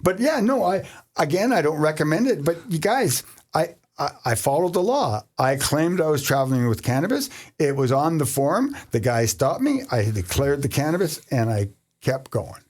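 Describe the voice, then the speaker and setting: Man, podcast host, from Canada, fairly high voice, animated storyteller, laughs a lot. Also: normal speed. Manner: animated, laughs often, acts out quoted voices. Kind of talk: casual storytelling chat.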